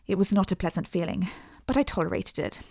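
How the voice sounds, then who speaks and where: A woman narrating a first-person story as an audiobook, in a measured, earnest way. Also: fairly low pitch, animated, gravelly, a little mellow, dry recording, clean studio sound.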